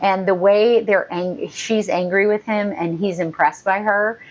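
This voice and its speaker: A woman's voice: mid-range voice, fairly even intonation, a little slow, poor audio. A woman co-hosting a podcast, chatting casually and animatedly about a TV episode, frank and swearing freely. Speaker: podcast co-host. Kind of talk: casual chat recapping a TV episode.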